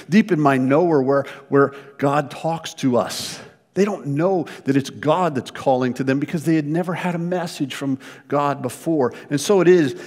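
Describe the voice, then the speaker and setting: Pastor preaching in an echoey church. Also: male voice, a little high. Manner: storytelling, animated with repeated words. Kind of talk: sermon. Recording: long reverb of a church hall.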